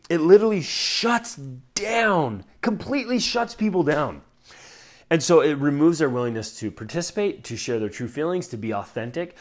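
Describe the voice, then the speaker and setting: Man, podcast host, motivational talk, earnest, animated, slight cough from a chest cold. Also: mid-range voice. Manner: animated, earnest, swings between loud emphasis and soft intensity.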